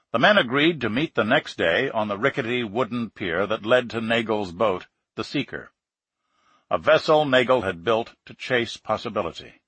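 A man narrating an audiobook chapter in a calm, unhurried reading. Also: medium pitch, slightly rough, no echo.

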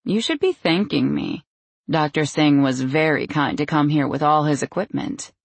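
A woman's voice: sits low, animated, normal speed, creaky, dry recording, exaggerated voice. Woman narrator doing a breezy, dismissive aunt. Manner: soothing yet brushing off, sly.

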